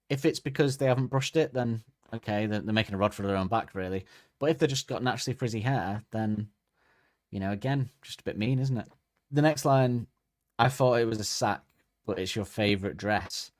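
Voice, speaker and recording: A man's voice: medium pitch, a little fast, dry recording, clean studio sound. A man, co-hosting a podcast and chatting casually, joking and acting out quotes. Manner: animated, jokey, acts out quotes. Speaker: podcast co-host. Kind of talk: casual comedic chat.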